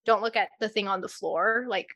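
A woman's voice: medium pitch, fairly even intonation, a little fast, fairly bright tone, dry recording, studio quality. A young woman co-hosting a podcast who talks casually, rambling through her theories with many fillers. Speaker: podcast co-host. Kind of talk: casual chat.

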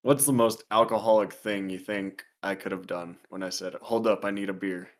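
A man's voice: on the low side, steady tone, normal speed. A young man co-hosting a podcast, teasing his friend and laughing often in casual chat. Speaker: podcast co-host.

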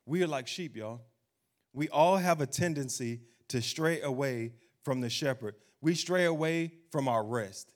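A man preaching a sermon, emphatic, slowing down to read scripture. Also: medium pitch, expressive. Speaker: pastor.

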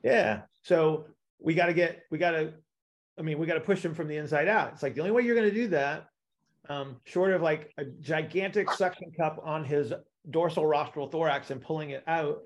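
A man with a somewhat high, gravelly voice teaches a live class. He explains with everyday analogies and keeps checking in with his listeners. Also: moderate pace. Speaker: instructor.

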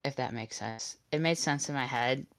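A woman's voice: rumbling low, moderate pace. A woman co-hosting a casual podcast, hesitant and full of "like" and "um". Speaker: podcast co-host.

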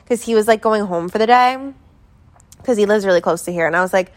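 Young adult woman, casual storytime, rambling, filler-heavy, mid-pitched voice. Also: fast.

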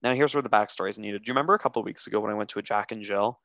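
Brief: young male podcast co-host, lively storyteller, profane, dry close mic. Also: on the low side, rapid-fire, no echo. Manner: animated, acts out quotes with cursing. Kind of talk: casual storytelling chat.

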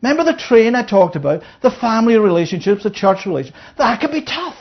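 Woman, Bible teacher, husky voice, conversational sermon, dull lo-fi recording. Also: fairly high pitch, sing-song, quick pace. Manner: checks in with listeners, asking 'Yeah?'; reads scripture aloud, then explains it.

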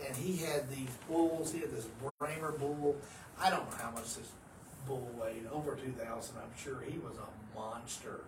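A man, a pastor co-hosting a podcast, telling stories animatedly and swinging from hushed to loud. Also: medium pitch, normal speed. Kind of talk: casual religious podcast chat. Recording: roomy, distant mic, faint noise.

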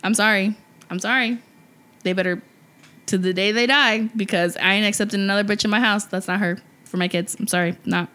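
A woman's voice: mid-range voice, fairly even intonation, fairly quick, bright, forceful tone, clean tone. A young adult woman chatting casually as a podcast co-host, blunt and swearing freely. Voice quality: blunt, profane, emphatic. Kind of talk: casual chat.

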